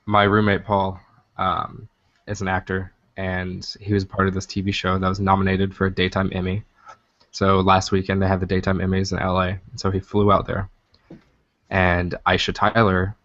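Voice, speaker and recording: A young man with a lowish voice tells stories on a casual podcast, getting animated and swearing freely as he goes. The sound is dry and a little dull, like a cheap home setup. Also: dry recording. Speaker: podcast co-host. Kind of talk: casual chat.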